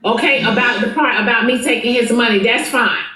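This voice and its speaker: A woman's voice: a little high, fairly quick, bright, forceful tone, reverberant. A woman hosting a live stream panel, insistent and cutting in to be heard in a heated argument.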